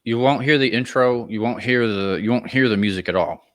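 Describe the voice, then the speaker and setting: A young man hosting a casual podcast, easygoing and halting, often restarting his sentences. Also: mid-range voice. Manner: easygoing, hesitant, lots of restarts. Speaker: podcast host.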